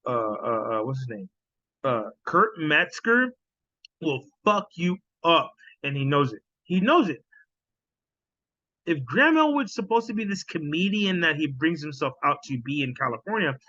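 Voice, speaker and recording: A man's voice: on the high side, sharp tone, no echo, muffled recording. A man hosting a podcast, reacting to clips in casual commentary, scornful and profane, often repeating himself.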